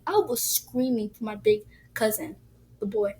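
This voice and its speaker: A woman's voice: on the high side, animated, a little slow, slightly rough, rough recording. A woman telling a ghost story in a casual, rambling way, often dropping to a whisper.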